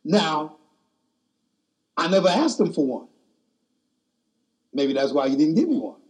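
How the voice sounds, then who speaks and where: Husky folksy preacher man. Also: on the high side, sing-song, a little slow. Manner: folksy, colloquial storytelling. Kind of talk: storytelling sermon.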